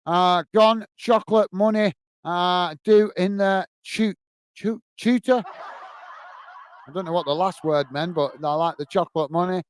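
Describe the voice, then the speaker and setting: Hosting a live football watch-along, a man with a high-pitched voice reads his chat's messages aloud at a measured pace. He talks back to viewers casually, friendly and chatty. Slight background noise can be heard.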